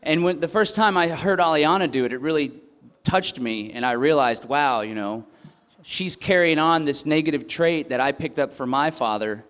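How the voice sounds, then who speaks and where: A young man giving a talk to a festival audience, earnest and reflective, pausing often with ums and restarting his phrases. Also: on the high side, a bit bright, clear, resonant tone. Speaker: festival speaker. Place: event hall or tent. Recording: long hall reverb.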